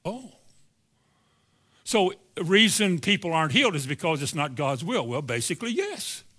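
A man's voice: on the high side, expressive, normal speed, fairly bright tone, husky. A man preaching a sermon at a church service, emphatic and sometimes sarcastic, firing rhetorical questions at his listeners. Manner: sarcastic asides.

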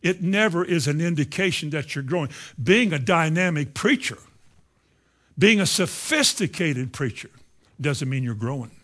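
A man preaching a sermon, moving between quiet asides and loud, emphatic lines. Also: a little high, lively intonation, normal speed.

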